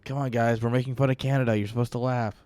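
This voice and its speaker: Man, esports caster, casual stream chat, teasing and joking, smooth resonant voice. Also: mid-range voice, flat delivery, rapid-fire, darkish tone, no room sound. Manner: joking, teasing, laughs often.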